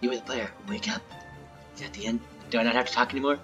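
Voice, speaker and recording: A man's voice: mid-range voice, fairly even intonation, racing. Sleepy, rambling man over game music. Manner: rambling and giddy, trailing off with fillers. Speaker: gaming video host. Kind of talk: casual let's-play chat and reading aloud. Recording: slightly muffled, game music behind.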